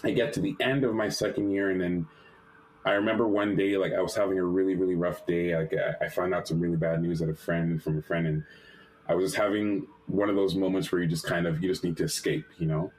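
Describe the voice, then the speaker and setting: A male animator, a guest in an interview, telling a personal story lively and acting out the quotes, with many restarts and fillers. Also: low-pitched, brisk, low-quality recording. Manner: lively retelling that acts out quotes.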